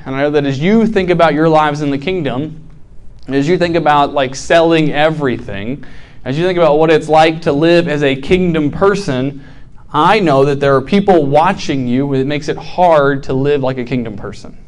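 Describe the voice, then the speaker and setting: A young man preaching to college students, telling a parable with lively acted-out voices and lots of "right?" and "like". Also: on the high side, moderate pace, clean tone. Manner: animated storytelling, acts out characters, frequent "right?" and "like". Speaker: campus ministry preacher.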